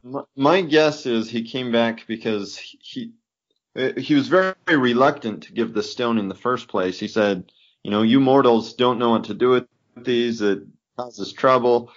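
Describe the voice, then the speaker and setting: A man in a casual book discussion, reasoning in a measured way. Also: medium pitch, dull audio.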